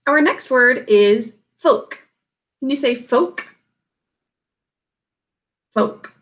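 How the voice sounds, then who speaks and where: A woman teacher walks a class through spelling, breaking each word into single sounds and syllables. She speaks slowly and patiently, in a voice pitched a little high. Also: animated, fairly bright tone. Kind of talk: recorded spelling lesson.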